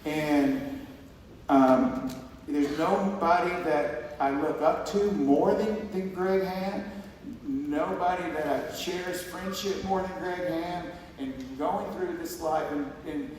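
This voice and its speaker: A man's voice: a little high, a little mellow, a little hiss or hum. A man giving a heartfelt, rambling acceptance speech on stage, full of restarts and quoted conversations. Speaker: award honoree giving a speech. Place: large hall on stage. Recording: echoey hall recorded from far off.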